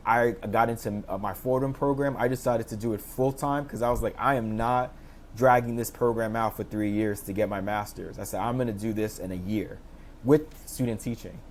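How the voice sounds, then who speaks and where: A man in his thirties, a teacher and interview guest, telling his story in lively casual speech and acting out the people he quotes, heard over a video call. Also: moderate pace, slight background noise. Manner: animated, acts out quoted voices with pitch jumps.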